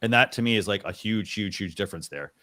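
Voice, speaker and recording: A man with a fairly low voice hosts a talk show and walks through a live demo. He rambles casually, full of fillers and restarts. His voice sounds dry and close, with no room around it. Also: fast talker, bright, forceful tone, dry recording. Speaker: show host.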